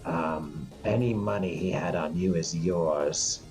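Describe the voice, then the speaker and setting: A man voicing a gruff male tavern innkeeper who speaks low and stumbles into a half-whispered threat. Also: takes it slowly, darkish tone, faint music behind. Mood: stern.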